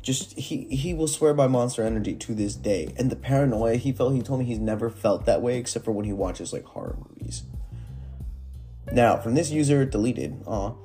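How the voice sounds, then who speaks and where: A young man telling stoner stories from Reddit in a rambling, animated way, full of fillers and swearing. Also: mid-range voice, moderate pace, soft background music. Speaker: storyteller reading Reddit posts. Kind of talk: casual storytelling.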